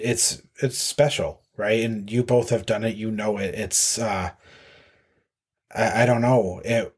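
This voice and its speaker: Guy, 30s, kinda low voice, rambles with lots of likes and ums as a podcast guest. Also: breathy edge. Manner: rambling with many fillers and restarts. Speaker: podcast guest, marathon runner. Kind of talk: casual storytelling.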